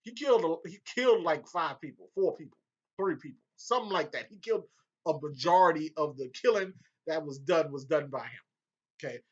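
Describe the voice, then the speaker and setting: Guy ranting about an episode, swears a lot, pitch jumps all over, dull lo-fi audio. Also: fairly quick, slightly rough. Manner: excitable, profane, breaks into laughter. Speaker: video reviewer. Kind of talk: casual excited episode recap.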